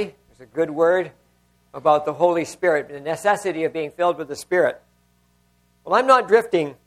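A man, a pastor, preaching a sermon in a conversational way, telling stories and often repeating and restarting his phrases. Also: sits high.

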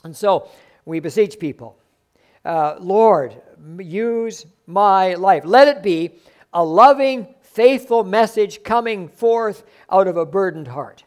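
A pastor preaching a sermon, swinging between loud emphatic bursts and soft, quiet asides. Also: male voice, high voice, animated, slow pace.

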